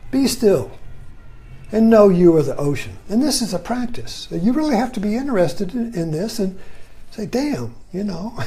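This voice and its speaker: A man giving a reflective spiritual talk, asking rhetorical questions and chuckling softly as he explains. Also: very high voice. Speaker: spiritual teacher.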